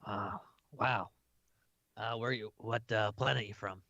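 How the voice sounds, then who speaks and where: Gravelly chill guy playing a tabletop game, teasing, dull mic. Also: on the low side, steady tone, unhurried, pushed and bright, no room sound. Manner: laid-back, teasing. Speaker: player. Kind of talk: in-character tabletop play.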